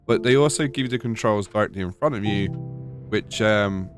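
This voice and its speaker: A British man with a lowish voice narrates a gaming video in a dry, sarcastic way. Soft music plays underneath. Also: brisk. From United Kingdom. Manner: wry, sarcastic. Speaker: gaming YouTuber. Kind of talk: scripted gaming voice-over. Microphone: voice-over.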